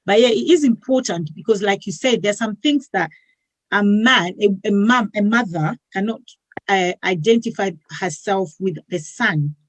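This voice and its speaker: A woman's voice: medium pitch, normal speed, no echo, poor audio. A woman hosting a talk show, speaking earnestly and repeating words as she builds her point.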